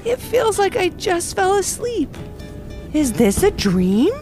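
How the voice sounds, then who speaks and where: A woman voicing a sweet, sleepy young girl with a drowsy, drawn-out delivery. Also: very high-pitched, very animated, sharp tone, faint music behind, voice pushed up, exaggerated voice.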